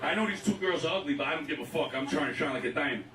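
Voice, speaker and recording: A man's voice: racing, crowd noise. A man on a call, telling a comic story while laughing through it. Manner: laughing through his own story, bursts into a high put-on line. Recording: distant echoey call with loud noise.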